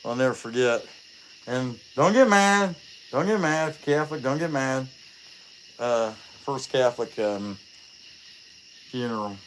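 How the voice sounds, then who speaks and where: A chainsaw carver hosting a livestream chats casually in a mid-range voice, speaking a little slowly with frequent pauses over slight background noise. He rambles, jokes, uses plenty of fillers, and tells stories in a lively way.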